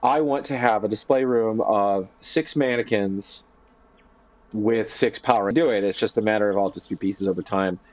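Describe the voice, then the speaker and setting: A man streaming from his home office, chatting casually and telling a rambling, animated story with lots of fillers. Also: lowish voice, normal speed, dry recording. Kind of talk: casual chat.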